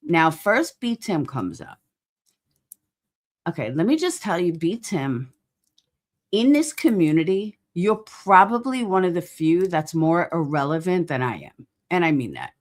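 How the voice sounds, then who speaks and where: A woman with a slightly low voice hosts a casual stream, and her pitch jumps around a lot as she talks. She rambles bluntly, swears freely and keeps losing her word mid-sentence. She stops now and then to greet people in the chat. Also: very animated, measured pace. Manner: rambling, blunt and profane, gropes for words; reads and greets chat viewers. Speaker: livestream host.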